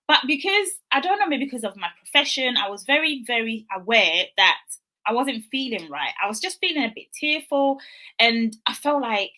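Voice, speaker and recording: Woman, young adult, wellness speaker: bright voice, earnest and chatty delivery. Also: on the high side, very animated, normal speed. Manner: earnest, conversational, acts out quoted dialogue. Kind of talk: motivational talk.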